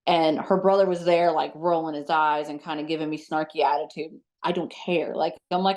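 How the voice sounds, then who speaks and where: A woman who works as a psychic medium, telling stories as an interview guest in a chatty, animated way with lots of fillers. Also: low voice, fairly quick, few pauses. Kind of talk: casual storytelling in an interview.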